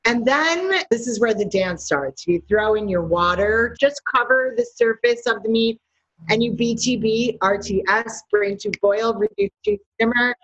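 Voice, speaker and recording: A middle-aged woman chef in an interview, talking in an animated, storytelling way and laughing often. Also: fairly high pitch, a little slow. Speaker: chef guest. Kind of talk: interview conversation. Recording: slightly dull lo-fi audio.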